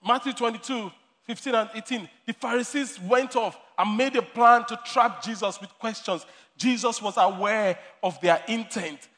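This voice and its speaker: In a recording with long hall reverb, a man with a high-pitched, slightly bright voice preaches at a moderate pace. His sermon mixes storytelling with frequent laughter and repetition of key lines.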